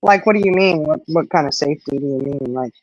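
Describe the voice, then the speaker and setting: A woman's voice: low-pitched, fast, a little mellow, dry recording, muffled recording. A middle-aged woman hosting a casual livestream while out on a walk, rambling with lots of "you know" as she answers viewers. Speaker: livestream host. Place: outdoors on an evening walk.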